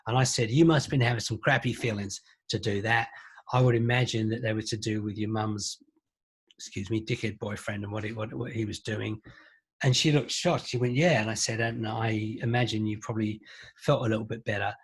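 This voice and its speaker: A middle-aged man, a psychologist, telling a client's story in a relaxed webinar talk and acting out both sides of the conversation. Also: lowish voice, brisk, breathy edge. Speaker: psychologist and trainer.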